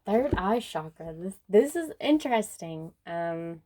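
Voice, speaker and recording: A woman giving a casual spoken tarot reading, unhurried and musing, often breaking into soft laughter. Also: lowish voice, very animated. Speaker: tarot card reader.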